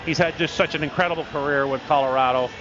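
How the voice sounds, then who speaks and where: A man with a slightly raised voice offers folksy colour commentary and stories between plays. His sound is muffled, with a clear background noise running under it. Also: on the high side, steady tone, fast talker. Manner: chatty, anecdotal, folksy.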